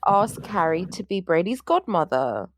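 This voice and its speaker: A woman's voice: lowish voice, sing-song, moderate pace, slight background noise. A woman co-hosting a podcast in casual chat, sounding tired and yawning, with dry asides. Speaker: podcast co-host.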